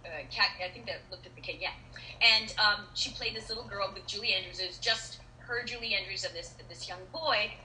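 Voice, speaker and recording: A middle-aged actress chatting as an interview guest, telling stories in an animated way with many restarts and fillers. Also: female voice, medium pitch, brisk, a little hiss or hum. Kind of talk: casual interview chat. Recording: roomy echo.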